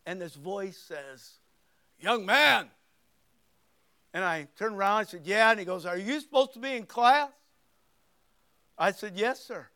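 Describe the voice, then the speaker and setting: His voice high-pitched and clean, a sixty-something pastor opens his sermon with a homespun tale, playing each character's voice. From there he builds into forceful scriptural preaching.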